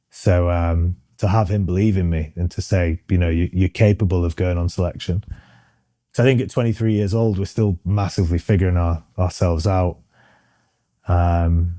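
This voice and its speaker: British guy in his 30s, deep mellow voice, rambly and honest, dry close sound. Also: no echo. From Britain. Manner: rambling and frank, many ums and restarts. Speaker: interview guest. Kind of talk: casual interview chat.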